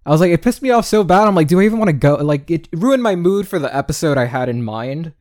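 A man's voice: fairly high pitch, expressive, a little fast, a little mellow, no echo, clean studio sound. A man in his twenties hosting a casual solo podcast, rambling and swearing freely, with Spanish words dropped into his talk. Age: 20s. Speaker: podcast host. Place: indoor home recording setup.

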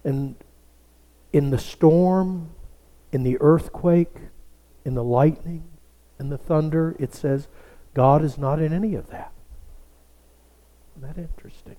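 A male pastor preaching a sermon, telling a story slowly and dropping to a hush for emphasis. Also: fairly high pitch, long reverb tail, muffled recording. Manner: slow, storytelling delivery that drops to a hush for emphasis.

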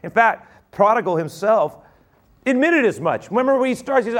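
A man preaching a sermon, retelling a story and acting out its dialogue with rising excitement. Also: high-pitched, a little fast.

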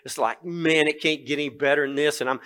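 An older male pastor in his sixties, preaching with a slightly high voice. His tone is bright and forceful as he moves from lively storytelling into earnest scripture reading. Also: quick pace. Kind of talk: sermon.

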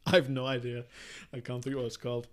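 Casual male podcast co-host, mid pitch, jokey and rambling, quizzing a friend. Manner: jokey, rambling, self-deprecating. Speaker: podcast co-host asking quiz questions. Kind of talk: casual film podcast chat.

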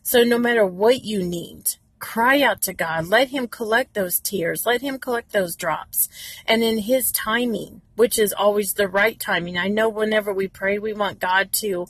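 A woman's voice: medium pitch, measured pace, husky, no room sound. A woman giving an earnest, encouraging devotional talk from inside her parked car, with many fillers. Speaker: devotional speaker.

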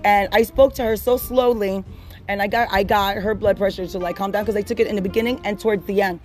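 A woman casually telling stories about her clinic job, animated and laughing, acting out the people she quotes. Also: mid-range voice, fast, faint music behind. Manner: animated, acts out quoted patients, laughs often. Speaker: podcast host telling work stories. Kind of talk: casual storytelling chat.

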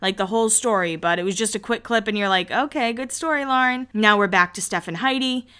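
A woman chatting casually as a podcast host, recapping a reality show and quickly acting out what people said. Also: medium pitch, a bit bright, clean tone. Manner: chatty, quotes people in quick acted voices.

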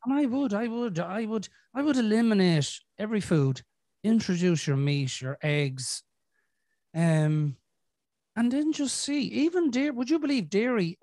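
A man's voice: high-pitched, animated, unhurried, darkish tone, dry recording. An Irish man hosts a casual podcast chat in a slightly raised voice. He talks frankly, swears freely and trips over restarts. A throaty cough lingers from a chest infection, and the sound is dry and close. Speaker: podcast host.

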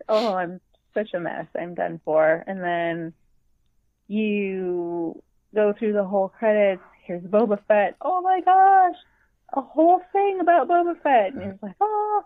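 A woman's voice: medium pitch, lively intonation, unhurried, no echo. A chatty woman telling a story with plenty of animation, acting out her own reactions as she goes. Her voice comes through a thin, tinny, phone-like line. The sound is dry and close. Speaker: podcast co-host. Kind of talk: casual fan chat.

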